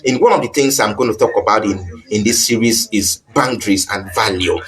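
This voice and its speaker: A man's voice: on the low side, a little fast, fairly bright tone, rough recording. A man giving an earnest, repetitive talk on marriage. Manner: earnest, repetitive, acts out little quoted exchanges. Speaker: relationship teacher.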